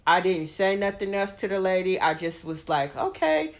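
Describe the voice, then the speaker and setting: A woman's voice: fairly low pitch, moderate pace. A woman hosting a casual chat, telling a story bluntly with lots of swearing and "like" fillers. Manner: blunt, profane, vents with heavy "like" fillers; acts out quoted people in animated voices.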